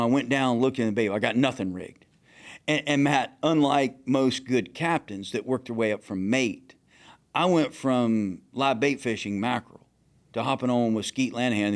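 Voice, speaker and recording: Man, casual storytelling, animated, profane, mid pitch. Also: moderate pace. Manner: animated, profane, acts out quotes loudly. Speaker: fishing captain, podcast guest.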